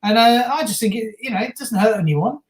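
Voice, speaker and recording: A man's voice: very high voice, expressive, a little fast. A man with a Birmingham accent chats casually through a football watch-along stream. He reads viewer messages and answers them as he goes. His voice carries a roomy echo. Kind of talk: casual live-stream chat.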